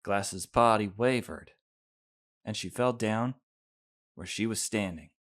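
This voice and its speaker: Low-voiced man narrating a visual novel. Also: slow. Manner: plain storybook narration. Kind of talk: reading a visual novel aloud.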